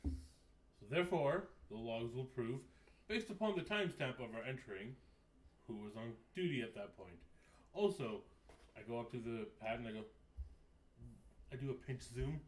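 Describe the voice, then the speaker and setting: A man's voice: mid-range voice, lively intonation, moderate pace, pauses often. A man playing a tabletop role-playing game, joking and laughing through his in-character lines. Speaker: player.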